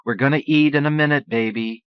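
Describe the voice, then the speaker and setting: A man's voice: medium pitch, steady tone, brisk, smooth, no room sound, pitched above the performer's own voice, lightly acted. A man reading an audiobook voicing a tired, strict young mother who talks in short scolding bursts. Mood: soothing. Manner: terse, scolding. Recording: dull lo-fi cassette audio.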